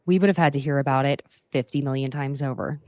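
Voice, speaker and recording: A young woman hosting a casual recap chat, talking quickly with sarcastic asides and frequent laughs. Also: rumbling low, steady tone, a little mellow, no echo. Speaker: podcast host.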